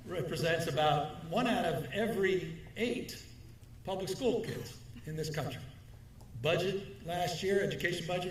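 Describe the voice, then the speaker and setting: A middle-aged man giving a formal speech at a podium, leaning on emphatic repetition and a measured rhetorical delivery. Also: high voice, slight background noise. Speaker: governor giving an award speech. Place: large hall, speaking at a podium. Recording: echoey hall, mic at a distance.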